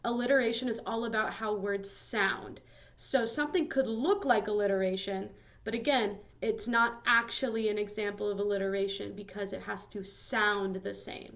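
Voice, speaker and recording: A woman's voice: a little high, fairly bright tone. A young woman teaching a casual lesson, explaining in a chatty way with many ums and likes.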